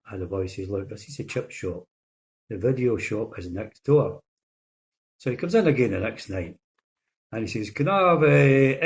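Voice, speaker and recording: A middle-aged man telling jokes to his audience like a regular at the bar. His delivery is loose and rambling, full of restarts, and his pitch sits in an ordinary middle range. He nudges his voice up or down for each punchline character. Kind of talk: casual joke-telling.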